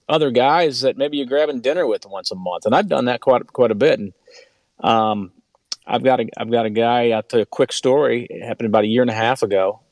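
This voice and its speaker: A man appearing as an author and interview guest tells stories earnestly in a conversational interview, often restarting and repeating words. His voice is medium in pitch, and the recording is dry.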